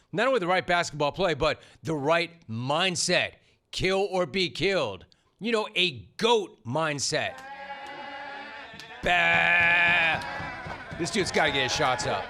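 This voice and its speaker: A man's voice: high-pitched, a bit bright. A middle-aged man hosting a sports talk show, delivering an opinionated monologue in a punchy, sarcastic way. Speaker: sports radio host.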